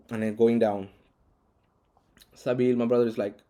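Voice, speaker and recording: A man's voice: mid-range voice, fairly even intonation, normal speed, pauses often, mellow. A man vlogging, telling a personal story casually with many restarts and fillers. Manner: rambling, frequent restarts and fillers.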